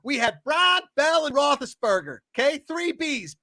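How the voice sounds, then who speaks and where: A man's voice: very high voice, very animated, normal speed, bright, forceful tone, no echo, studio quality. A man co-hosting a sports talk show, ranting animatedly and swearing now and then. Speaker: podcast co-host. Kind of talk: casual sports chat.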